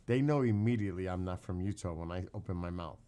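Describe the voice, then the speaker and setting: A man's voice: deep voice, fast, dark tone. A man with a New York accent chatting casually with his live-stream viewers late at night, quizzing the chat and laughing often.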